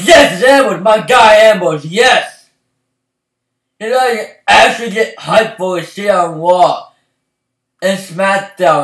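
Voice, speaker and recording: A young man ranting as a fan vlogger, swinging from loud outbursts to low mumbling. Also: distant mic. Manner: excitable, swings from shouting to mumbling. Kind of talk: heated ranting. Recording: echoey room, voice off-mic.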